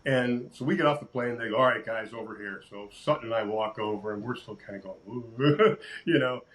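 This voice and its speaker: An older sportscaster telling lively stories in a casual interview, acting out quotes and laughing often. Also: male voice, fairly low pitch, brisk, poor audio. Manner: animated storyteller, acts out quotes, laughs often. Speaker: sportscaster guest.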